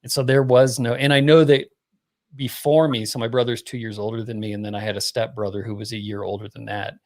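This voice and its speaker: Male guest, middle-aged, gravelly fry in the voice, loose conversational delivery. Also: medium pitch, a little fast. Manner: relaxed, rambling, filler-heavy talk. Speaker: podcast guest. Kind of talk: casual podcast conversation.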